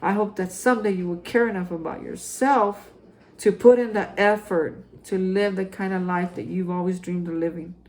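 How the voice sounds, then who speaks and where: A man giving a heartfelt daily reflection to viewers, rambling with restarts and ending in earnest, hushed encouragement. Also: sits high, steady tone, moderate pace, rough recording. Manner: rambling, repeats and restarts, addresses viewers as folks. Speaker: recovery vlogger.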